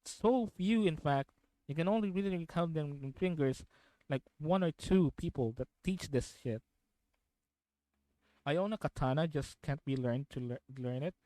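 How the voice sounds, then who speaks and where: A man's voice: fairly high pitch, normal speed, mellow, dry recording, poor audio. A young man from the Philippines streaming from home, chatting casually and rambling as he reacts to videos, repeating himself and laughing often.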